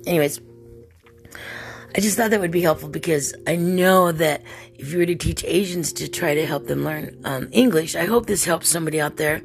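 A woman's voice: sits low, moderate pace, creaky, soft background music. A woman hosting a podcast alone, talking in a rambling, chatty way and laughing often. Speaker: podcast host. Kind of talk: casual solo podcast monologue.

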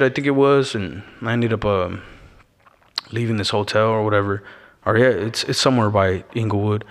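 A man from Arizona telling a story as a podcast guest, slangy and laid-back, dropping "bro" and "you know what I'm saying" into every line. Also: on the low side. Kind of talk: casual storytelling. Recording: long echoing reverb.

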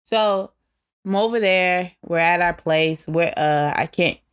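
A woman's voice: on the low side, slow, clean tone. A woman chatting casually, telling a story and addressing viewers directly. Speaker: co-host. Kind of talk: casual chat.

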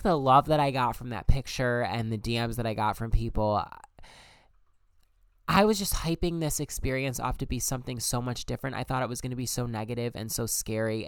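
A man's voice: mid-range voice, clean tone, no room sound. A young man telling a personal story as a podcast host, candid and emphatic, swearing often. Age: young adult. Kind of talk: personal monologue.

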